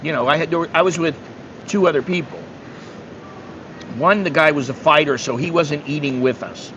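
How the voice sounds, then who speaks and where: A man's voice: fairly high pitch, moderate pace, a bit bright. A man from the United States telling travel stories in a casual monologue, blunt and swearing, acting out the people he talks to. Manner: blunt, swearing, acts out dialogue. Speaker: travel vlogger. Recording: dull lo-fi sound with faint hum.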